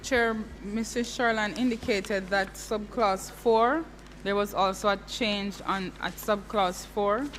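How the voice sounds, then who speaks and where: A woman's voice: mid-range voice, steady tone, takes it slowly, fairly bright tone. Woman reading bill clauses formally. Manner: careful, formal, self-correcting reading. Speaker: legal officer reading draft clauses. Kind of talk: reading legislation aloud and explaining it. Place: large hearing room. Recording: hall reverb with faint hum.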